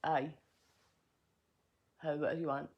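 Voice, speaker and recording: A woman's voice: low-pitched, level tone, a little slow, vocal fry, dull audio. A middle-aged Scottish woman telling a profane, agitated story to camera in a personal vlog. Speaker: vlogger.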